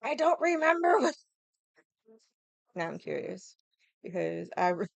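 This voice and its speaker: A woman's voice: mid-range voice, big pitch swings, a little slow, vocal fry, dry recording. A young woman chatting casually with viewers on a livestream, rambling, swearing freely and laughing often. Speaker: livestream vlogger.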